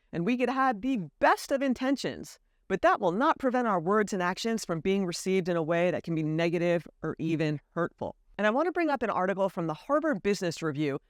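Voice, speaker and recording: Earnest American woman, lively voice. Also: on the low side, no echo, clean studio sound. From United States. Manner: heartfelt, emphatic, speaks directly to the viewer. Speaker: vlogger living abroad. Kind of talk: earnest talk to camera.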